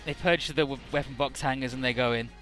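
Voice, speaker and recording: A man's voice: medium pitch, steady tone, fast, a bit bright, faint music behind. A man casually recapping a game story as a let's play host, irreverent, swearing, with many fillers.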